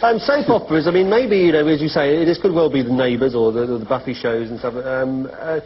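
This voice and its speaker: A man hosts a comic panel show, quick and dry with his quips. He speaks fast in a slightly raised voice. The sound is a muffled TV recording with faint noise behind it. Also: medium pitch. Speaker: host. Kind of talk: comic studio chat.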